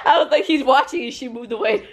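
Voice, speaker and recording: An excitable woman filming her family, her voice high and full of swoops. She talks at an unhurried pace and laughs often, mixing in Spanish. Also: reverberant. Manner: excitable, laughs a lot, switches between English and Spanish. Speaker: family vlogger. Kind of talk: casual family chat.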